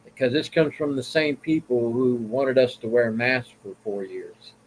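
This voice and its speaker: A man's voice: medium pitch, a little slow, slight background noise, poor audio. Blunt Southern-accented man ranting. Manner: blunt, plain-spoken, rambling. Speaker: vlog host. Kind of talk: casual opinion commentary.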